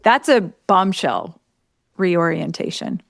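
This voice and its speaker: Woman podcast co-host, unhurried and contemplative, dry close sound. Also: fairly low pitch, big pitch swings, gravelly, no echo. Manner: slow, contemplative, thinks aloud. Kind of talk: reflective conversation.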